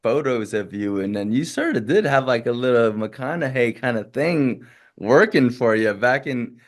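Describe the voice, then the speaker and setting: A man's voice: medium pitch, expressive, normal speed. A man hosting a casual podcast, speaking in a friendly, rambling way with frequent restarts. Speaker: podcast host.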